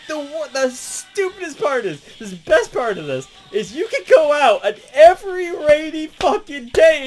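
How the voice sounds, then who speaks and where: A gaming channel host rambling casually and excitedly about a favorite game, swearing a lot and laughing often, with faint music behind. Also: medium pitch.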